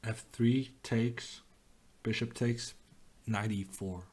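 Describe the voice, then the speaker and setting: A man's voice: on the low side, steady tone, takes it slowly, a little mellow, husky. A young man, streaming chess and thinking aloud with wry, self-mocking remarks. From Norway. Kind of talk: live chess commentary.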